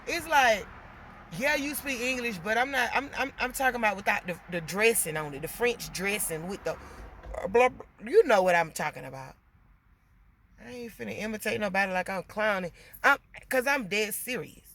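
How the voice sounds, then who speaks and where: A woman venting in a casual monologue to her viewers, animated and emotional, getting loud as she talks. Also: medium pitch, normal speed, slight background noise. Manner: gets loud when emotional.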